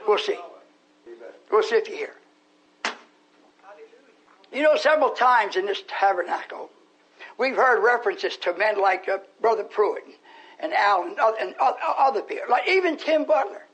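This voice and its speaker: A man preaching a sermon to his congregation, scolding them and now and then rising to a shout. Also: high-pitched, expressive, moderate pace, long pauses, breathy edge, low-quality recording. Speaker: pastor.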